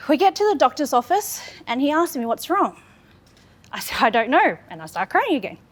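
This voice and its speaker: A woman's voice: high voice, very animated, fairly quick. A woman in her thirties from Australia gives an earnest, candid speech about her own life, building on repeated phrases. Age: 30s. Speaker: public speaker. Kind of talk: personal storytelling speech.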